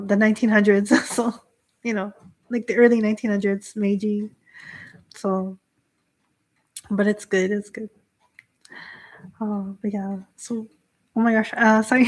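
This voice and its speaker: A young woman with a fairly high voice hosts a casual live stream as a Shinto priestess. She laughs often and rambles through filler words while reading out viewer comments. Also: a little mellow. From Canada. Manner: giggly, filler-heavy, reads viewer comments aloud.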